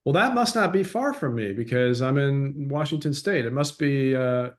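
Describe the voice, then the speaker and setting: A man hosting a podcast, talking in a relaxed, halting way with many fillers. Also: mid-range voice. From United States. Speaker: podcast host. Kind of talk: casual chat.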